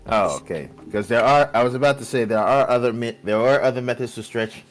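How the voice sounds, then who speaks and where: A man's voice: medium pitch, a little fast, faint music behind. A man who plays in a tabletop game, joking and rambling in casual banter.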